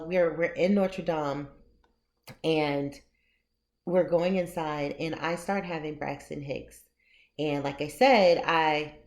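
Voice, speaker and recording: A woman vlogger and author telling a personal story in a casual, animated way, often laughing as she talks. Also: fairly low pitch.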